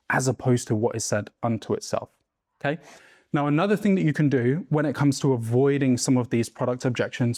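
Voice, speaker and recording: In a room full of business owners, a man with a mid-range, slightly mellow voice coaches them on sales in a mastermind teaching session. He speaks emphatically and keeps checking in with "right?" and "okay?". The recording is studio quality with no room sound.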